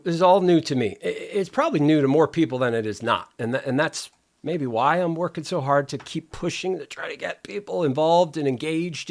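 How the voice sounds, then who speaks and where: A man with a gravelly, slightly high voice that rises and falls a great deal. He rambles in casual stream talk, restarting sentences and enjoying wordplay. His delivery is loose and animated. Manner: rambling, wordplay-loving, self-interrupting. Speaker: live streamer.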